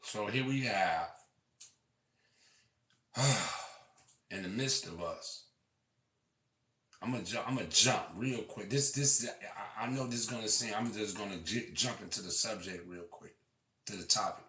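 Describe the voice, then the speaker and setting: Passionate male storyteller, rough-edged and repetitive, distant in an echoing room. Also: fairly low pitch, measured pace, pauses often. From Illinois. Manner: impassioned, swings from shouting to quiet; profane, repeats himself. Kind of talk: preaching monologue. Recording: echoey room, far from mic.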